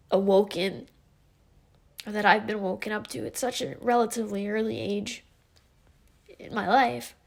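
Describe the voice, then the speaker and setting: A woman's voice: a little high, vocal fry. Earnest rambling young woman vlogging. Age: 20s. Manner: earnest, rambling with many fillers and restarts. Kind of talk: casual reflective vlog monologue.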